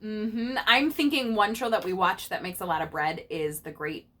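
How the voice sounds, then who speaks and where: A woman reading a picture book aloud to her child, pausing to explain idioms and acting out the characters. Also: medium pitch, fairly even intonation, bright, forceful tone, a little hiss or hum.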